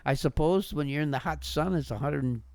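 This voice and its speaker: A man's voice: a little high, fairly quick, creaky. A middle-aged man from Massachusetts, a podcast guest dropping dry quips and echoing the others in casual banter. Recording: noisy recording.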